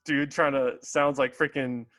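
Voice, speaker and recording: A man's voice: medium pitch, flat delivery, measured pace, a bit bright, no echo. A young man as a podcast guest, chatting casually, hesitant and laughing often. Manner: hesitant, many fillers and restarts, laughs often. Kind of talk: casual chat.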